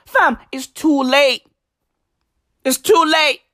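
A woman's voice: sits high, takes it slowly, a bit bright, dry recording, studio quality. A woman delivering a comedic rant, profane and slangy, hammering her points with repetition. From South Africa.

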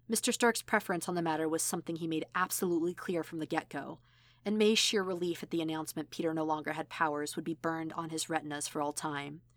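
A woman narrating an audiobook reading in a measured, even storytelling manner. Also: low voice, dry recording. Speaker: audiobook reader. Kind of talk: audiobook narration of fan fiction.

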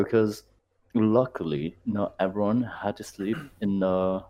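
A man's voice: fairly low pitch, level tone, a little slow, highs cut off. A young man in his twenties, a former university student, rambling through a casual story with fillers and some swearing. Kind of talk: casual chat.

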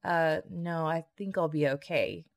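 Skeptical, terse grown man, read by a woman, low and gravelly. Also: a little slow, no room sound. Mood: incredulous.

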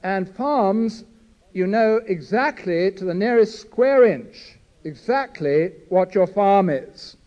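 A man's voice: sits high, lively intonation, slow pace, darkish tone. An older man preaching a sermon to a gathering as an Anglican priest, earnest, building long lists and often stumbling and restarting. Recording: dull lo-fi recording.

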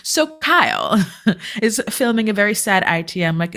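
A woman's voice: medium pitch, expressive, normal speed, fairly bright tone. A woman co-hosting a podcast, recapping a reality show in blunt, sarcastic, casual chat and swearing freely. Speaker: podcast co-host.

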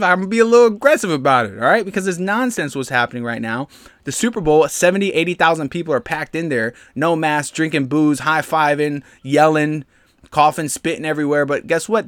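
A man's voice: a little high, fairly bright tone, smooth, no room sound. A man hosting a podcast alone, ranting bluntly and heatedly in casual slang and talking straight to his listeners. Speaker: podcast host.

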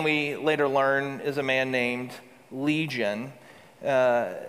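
A man's voice: mid-range voice, fairly bright tone. A man preaching a sermon to a congregation, earnest and building to emphatic peaks with repeated phrases. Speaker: pastor. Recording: long hall reverb.

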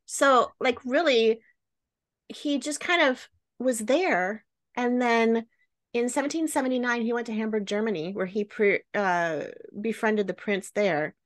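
A woman's voice: on the high side, a little slow. A woman hosting a casual chat and telling a story, peppered with "right?" and "like". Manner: chatty, many fillers like "right?" and "like". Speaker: podcast host.

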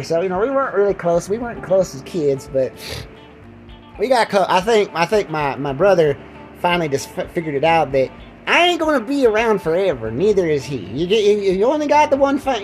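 A man's voice: fairly high pitch, darkish tone, low-quality recording. A man hosting a casual podcast, rambling and repeating himself while joking around as he lies down. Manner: rambling, repeats words, jokey. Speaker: podcast host. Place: lying down indoors.

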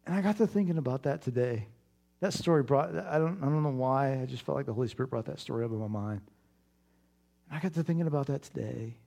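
Guy preaching a sermon, storytelling, gets loud and animated then goes quiet and prayerful, average pitch. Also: fast talker, creaky. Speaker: pastor.

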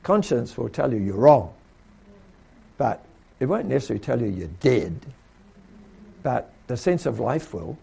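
Gravelly, animated man preaching. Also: medium pitch, measured pace, pauses often. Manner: conversational and animated, with repeats and acted quotes. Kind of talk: sermon.

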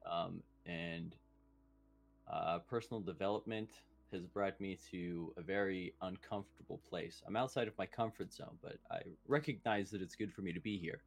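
A man's voice: sits low, normal speed, vocal fry, soft background music. A young man with a slight lisp co-hosting a podcast, rambling in crass, self-deprecating banter. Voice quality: slight lisp without retainers. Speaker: podcast co-host. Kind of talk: casual podcast chat.

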